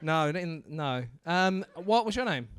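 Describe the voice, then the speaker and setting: A man's voice: on the high side, expressive, a little slow, fairly bright tone, smooth. A man working as a comedy club MC, doing brash, teasing crowd work on stage and swearing freely into a handheld mic.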